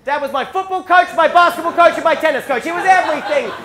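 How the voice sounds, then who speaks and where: High-voiced Australian comedian telling stories. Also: male voice, quick pace, crowd noise. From rural South Australia. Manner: animated, bursts into shouted impressions of his father. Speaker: stand-up comedian. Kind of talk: stand-up storytelling. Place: theatre stage before a live audience. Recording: roomy stage sound with faint ambience.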